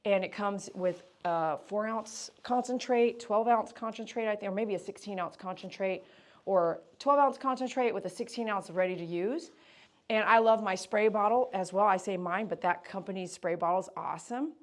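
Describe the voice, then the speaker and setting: A woman groomer chatting on a livestream from her grooming shop, rambling through explanations and switching to high sing-song praise for a dog. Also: moderate pace. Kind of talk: casual livestream chat.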